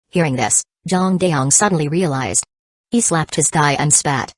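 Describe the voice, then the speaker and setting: A woman narrating an audiobook in a steady, even reading voice. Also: deep voice, moderate pace, no echo. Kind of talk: scripted narration.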